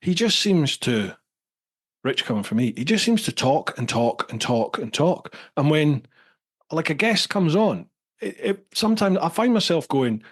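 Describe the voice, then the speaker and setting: A man's voice: on the high side, sing-song, a little slow, slightly rough. A man from England hosting a podcast, chatting in a rambling, casual way and swearing now and then. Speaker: podcast host. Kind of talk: casual chat.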